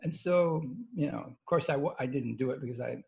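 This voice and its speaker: An older man, a guest, telling a story in a halting, stop-and-start way with casual swearing. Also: mid-range voice, gravelly, darkish tone. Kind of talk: rambling storytelling. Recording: dull lo-fi sound.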